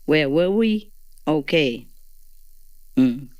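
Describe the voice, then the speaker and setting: A woman's voice: low-pitched, animated, very slow, darkish tone, dry recording, soft background music. A woman teaching a gathering in a loose, chatty way, laughing often and tagging her sentences with questions, in non-native English phrasing. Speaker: spiritual teacher. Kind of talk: informal spiritual talk to a gathering.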